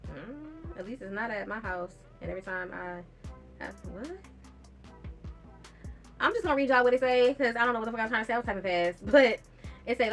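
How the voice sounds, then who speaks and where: Young woman, slightly high voice, blunt and profane storytelling, casual vlog, faint background music. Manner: blunt, profane and animated, reading out text messages with laughter. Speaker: vlogger telling a personal story.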